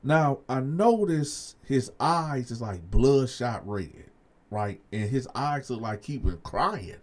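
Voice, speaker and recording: Man, casual storyteller, slangy, lively pitch, addresses viewers. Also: takes it slowly. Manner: animated, slangy, talks to viewers directly.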